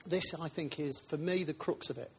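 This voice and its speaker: A man's voice: fairly high pitch, moderate pace, fairly bright tone, slightly rough. A man preaching a sermon in a church, chatty and informal, with asides to the congregation.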